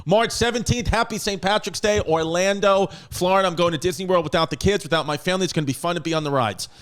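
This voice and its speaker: A man's voice: high-pitched, fast talker, fairly bright tone, smooth. A man hosting a podcast in a casual, joking manner, rattling off dates and teasing his guest. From United States. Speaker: podcast host.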